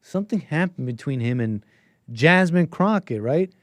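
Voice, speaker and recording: Guy rambling on his politics stream, laughing, thinking out loud, dry mic. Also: on the high side, expressive, moderate pace, no room sound. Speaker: host. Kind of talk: casual political commentary stream.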